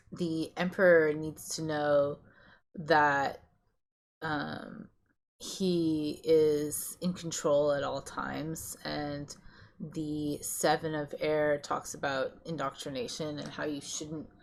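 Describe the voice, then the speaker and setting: A woman giving a casual pick-a-card tarot reading, rambling and hesitant with many pauses and restarts. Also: deep voice. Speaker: tarot reader.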